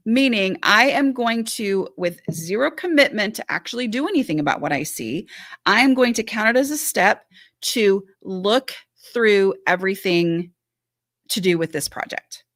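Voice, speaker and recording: A woman's voice: mid-range voice, lively intonation, measured pace, a bit bright, dry recording, studio quality. Chatty woman answering viewer questions. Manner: chatty and reassuring, with frequent "like" and "um". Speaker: decluttering advice host; former teacher and mother. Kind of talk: live-stream Q&A, reading and answering viewer questions.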